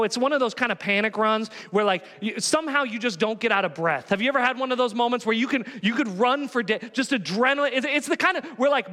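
A man preaching a sermon in a conversational, animated way, often asking the congregation rhetorical questions. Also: very high-pitched, big-room sound. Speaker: pastor.

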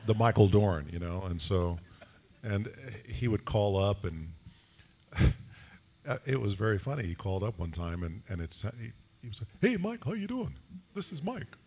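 A male actor on a convention panel, rambling casually with lots of fillers and restarts. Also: low-pitched.

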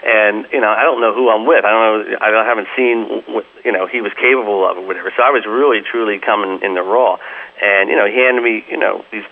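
A man's voice: lowish voice, steady tone, fast talker, narrow, tinny audio. A man being interviewed as a guest musician, telling long rambling anecdotes full of "you know" and acting out the voices of people he quotes. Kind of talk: casual interview storytelling.

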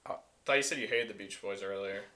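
A man's voice: on the low side, fast talker, sharp tone. A young man co-hosting a podcast, chatting casually, swearing and riffing on bold opinions. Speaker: podcast co-host. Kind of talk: casual chat.

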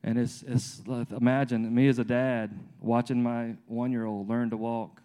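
A man's voice: medium pitch, moderate pace, clean tone. A man in his thirties preaching in an informal, conversational way, telling family stories with many restarts and fillers. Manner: lively storyteller acting out his toddler and himself. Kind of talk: conversational sermon with personal stories.

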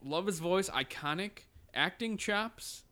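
A man co-hosting a podcast in casual chat, enthusiastic and quick to laugh. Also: high-pitched, lively intonation, pushed and bright. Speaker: podcast co-host.

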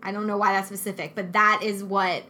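A young woman tells a personal story in casual chat, her voice medium-pitched and brisk. She's animated, acting out what people said as she goes.

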